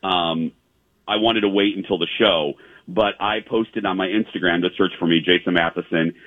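A man's voice: low voice, fairly even intonation, moderate pace, no room sound. A man hosting a casual show, telling a long story in a rambling way with many fillers and restarts. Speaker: host. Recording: dry tinny phone-like line.

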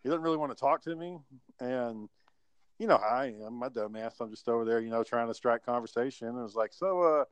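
A fast-talking man with a mid-range voice, fairly even intonation and a clean tone recounts a profane story, laid-back and chuckling. He is a podcast host in a casual online chat, recorded over an online voice call with no echo.

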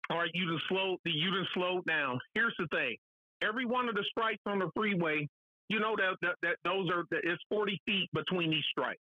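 A woman's voice: lowish voice, moderate pace, no echo, dull audio. A woman calling in to chat, blunt and emphatic, laughing as she makes her points. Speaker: caller. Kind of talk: casual chat.

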